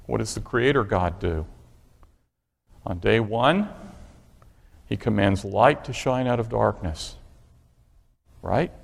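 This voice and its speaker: A man preaches with an emphatic delivery, pressing his listeners with question after question. His mid-range voice carries a gravelly edge. The sound rings out in a long, echoing reverb. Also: fairly low pitch, takes it slowly, pauses often. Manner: emphatic, asks the congregation rhetorical questions. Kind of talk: sermon.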